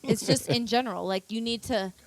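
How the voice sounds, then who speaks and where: A woman's voice: a little high, brisk, a loud crowd, rough recording. A woman co-hosting a podcast, chatting casually and giving frank relationship advice. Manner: advice-giving, talks over others. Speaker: podcast co-host. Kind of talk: casual chat.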